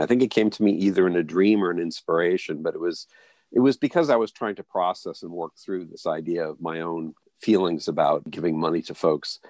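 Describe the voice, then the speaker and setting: Deep-voiced man telling stories haltingly. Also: darkish tone, no echo, clean studio sound. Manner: halting, many restarts and fillers, voices others in stories. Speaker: interview guest. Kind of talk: reflective storytelling. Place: near a big US city.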